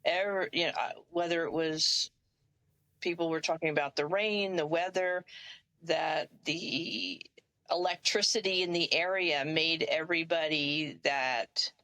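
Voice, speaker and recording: Woman, very low voice, dry close sound, hesitant halting talk. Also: fairly even intonation, sharp tone, no room sound. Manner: hesitant, searching for words. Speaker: guest. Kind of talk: casual group chat.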